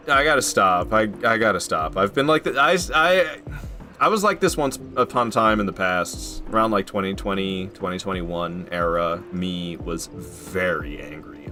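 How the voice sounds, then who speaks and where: Young male streamer, low bright voice, heavy swearing, ranty casual chat. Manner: swears a lot, rants heatedly.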